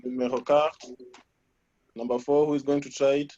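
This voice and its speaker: A man's voice: mid-range voice, little pitch movement, moderate pace, mellow, soft background music. A man teaching a French class online, patiently correcting students and repeating answers. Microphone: video call. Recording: muffled video call audio.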